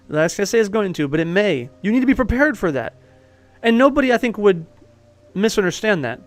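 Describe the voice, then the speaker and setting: Man, life coach, high voice, blunt, swearing, casual advice talk, faint music behind. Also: very animated, brisk, no echo. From Italian heritage. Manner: blunt, swearing, laughs often.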